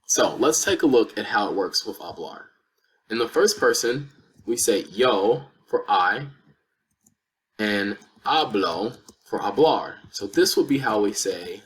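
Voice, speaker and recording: Slow-talking man teaching. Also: fairly low pitch. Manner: slow, patient explanations with repeated examples. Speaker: Spanish teacher. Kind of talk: lesson explaining verb conjugation.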